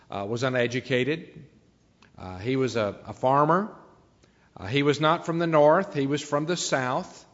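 Man, preacher, sermon, frequent pauses, emphatic peaks, echoey hall, dull sound. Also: medium pitch.

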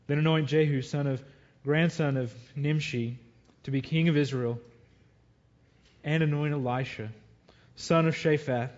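A man's voice: on the high side, fairly even intonation, measured pace, a little mellow, muffled recording. A man preaching a sermon, reading scripture aloud and dwelling earnestly on it.

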